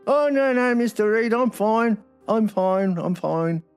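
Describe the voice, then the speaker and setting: A frail, simple-minded inmate , put on by a man, pipes up in a high, thin voice well above the teller's own. He sounds eager and cheerful, a friendly, harmless prisoner. Soft music plays underneath. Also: expressive, a little slow, smooth.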